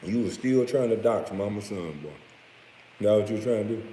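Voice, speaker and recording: A man's voice: on the low side, moderate pace, warm tone. Heated, profane man in an echoey room. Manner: heated, profane, mocking, with scornful laughs. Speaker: former pro basketball player. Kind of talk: profane rant. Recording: echoey room with long reverb, faint noise.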